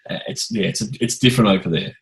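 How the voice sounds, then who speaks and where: A podcast host with a fairly low voice. He rambles through anecdotes in a relaxed, chatty interview, full of restarts and lively asides. It sounds like easygoing conversation between fellow drummers. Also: quick pace, rough recording. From Australia. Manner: rambling anecdotal storyteller, animated. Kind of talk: casual interview chat.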